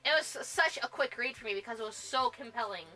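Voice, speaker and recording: A woman's voice: a little high, quick pace, sharp tone, faint music behind, low-quality recording. A woman presenting a casual book review vlog, bubbly and gushing, laughing often as she talks. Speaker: book vlogger.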